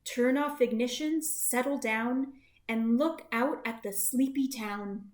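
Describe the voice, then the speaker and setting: A woman reading a rhyming picture book aloud in a gentle, sing-song cadence. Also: fairly high pitch, slow pace. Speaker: storybook reader. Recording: roomy echo.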